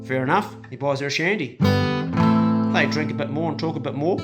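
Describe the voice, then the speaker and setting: A man's voice: on the high side, moderate pace, highs cut off, over loud music. A man with an Australian accent telling a casual, rambling yarn in a colloquial, laid-back way. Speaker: storyteller.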